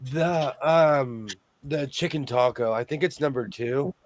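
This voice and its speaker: A man's voice: mid-range voice, measured pace, a little hiss or hum. A man in his forties from California, hosting a rambling casual chat over a video call. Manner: rambling, chatty storyteller.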